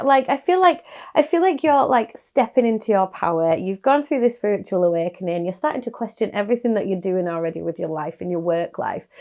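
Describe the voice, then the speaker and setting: A woman giving a casual, chatty tarot reading to camera, soft-spoken with little sighs. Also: medium pitch. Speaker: tarot card reader.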